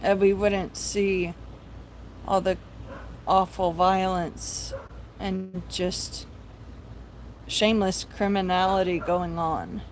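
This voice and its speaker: A woman's voice: mid-range voice, little pitch movement, slow, long pauses, slight background noise, low-quality recording. A young woman hosting a live stream, talking in an earnest, preachy, pleading way about faith. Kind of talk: impassioned religious vlog talk.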